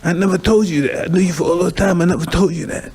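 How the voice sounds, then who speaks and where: A man's voice: sits high, fairly even intonation, quick pace, over a noisy crowd. A man hosting a conversation, talking intensely and emotionally, repeating himself and swearing, at times crying. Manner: intense, emotional, repetitive, profane. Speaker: podcast host.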